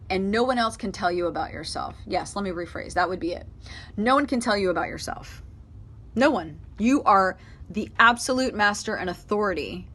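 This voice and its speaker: Female tarot reader, mid-pitched voice, emphatic and repetitive, chatty asides to spirit. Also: fairly bright tone. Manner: emphatic, repeats herself, talks to spirit aloud. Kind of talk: casual tarot reading to camera.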